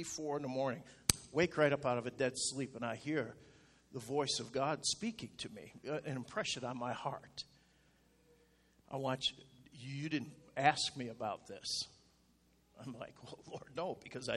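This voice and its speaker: Middle-aged man, pastor, folksy storytelling sermon, slightly high-pitched, self-deprecating. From rural upstate New York. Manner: folksy, self-deprecating, animated when retelling his anger.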